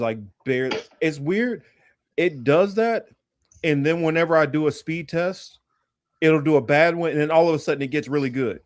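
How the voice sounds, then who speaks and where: A man's voice: fairly high pitch, dry recording. A man co-hosting a podcast from home over a video call, chatting casually about his connection. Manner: apologetic, explaining tech trouble. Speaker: podcast co-host. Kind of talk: casual chat.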